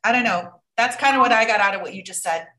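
A woman podcast host sums up her guest's points in a halting, casual way, searching for words. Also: mid-range voice, sharp tone. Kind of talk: casual chat, summarizing. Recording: distant from the mic.

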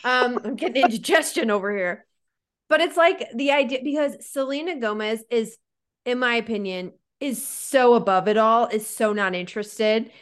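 A woman co-hosting a podcast in casual chat, animated and sarcastic, with lots of "like". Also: a little high, normal speed, clean tone. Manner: animated and sarcastic, heavy use of "like". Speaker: podcast co-host.

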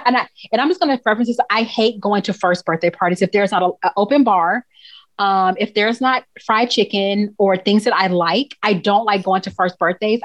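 A woman's voice: mid-range voice, no echo. A woman hosting a podcast in casual chat, blunt and profane, mocking herself as she talks. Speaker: podcast host.

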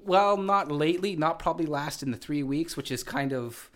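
A man's voice: on the high side, expressive, normal speed. Rambling male wrestling show co-host. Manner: rambling with frequent fillers and restarts. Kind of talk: casual wrestling radio chat.

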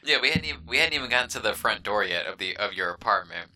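Lowish voiced guy, super bright and sharp tone, jumping in to tell his part of the story. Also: expressive, fast talker, rough recording. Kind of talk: casual chat, storytelling.

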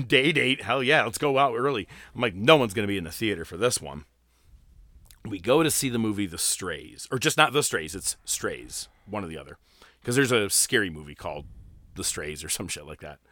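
Animated, bright-voiced male podcast co-host. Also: fairly low pitch, normal speed, no echo. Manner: animated, profane, swings loud and quiet. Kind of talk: casual chat.

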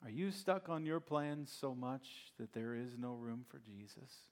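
A male pastor preaching a sermon, retelling the story in an animated, conversational way. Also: medium pitch, a little slow.

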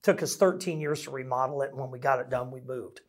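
A man's voice: medium pitch, fast talker. A middle-aged man preaching a sermon as a pastor, telling stories in a conversational, self-deprecating way.

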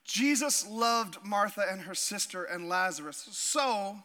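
A man from Alaska delivers a sermon with a high, strikingly bright and forceful voice. He tells stories with laughter and plays out the voices of the people in them. He sounds middle-aged. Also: a little slow. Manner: animated, laughing storyteller acting out voices. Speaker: pastor.

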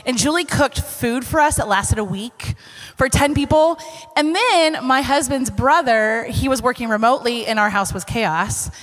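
A woman's voice: on the high side, normal speed, a bit bright, faint music behind. A woman giving heartfelt thanks to friends, rambling and giggly as she speaks. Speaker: church member giving thanks. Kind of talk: casual heartfelt speech. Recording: long hall reverb.

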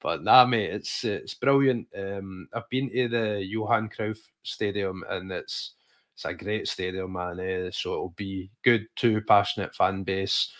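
A man's voice: deep voice, fairly even intonation, a little slow, a bit bright. A Scottish man co-hosting a podcast, chatting enthusiastically about football and calling his co-host "mate". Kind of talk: casual football chat.

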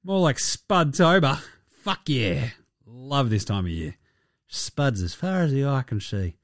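A man's voice: mid-range voice, big pitch swings, unhurried, dry recording, clean studio sound. A young Australian man hosting a casual sports podcast, joking and swearing through his talk. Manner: irreverent, sweary, jokey banter. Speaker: podcast host.

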